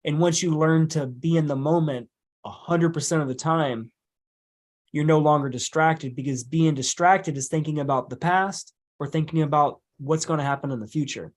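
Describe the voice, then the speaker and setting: A man's voice: a little high, moderate pace. A man speaking as a podcast guest in casual conversation, emphatic and blunt, swearing casually as he makes his points.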